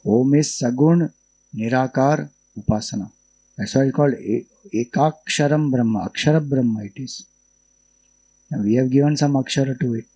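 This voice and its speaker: An Indian man delivers a scriptural lecture in English at an unhurried, explanatory pace. His voice is mellow and dark, steady and middle-pitched. He talks like a teacher walking a class through the meaning of each chant. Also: breathy edge, low-quality recording. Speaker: spiritual teacher.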